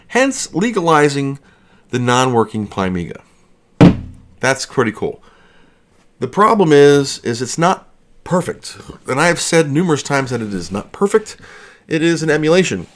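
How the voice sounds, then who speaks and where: A man's voice: medium pitch, big pitch swings, moderate pace, slight background noise. A man hosting a casual livestream, out of breath, rambling and joking at his own expense. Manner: rambling, self-deprecating, jokey. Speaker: livestream host.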